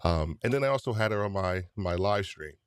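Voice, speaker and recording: Deep-voiced upbeat male podcast host. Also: lively intonation, a little fast, smooth, dry recording, clean studio sound. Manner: upbeat, chatty, repeats phrases. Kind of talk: live-stream podcast hosting.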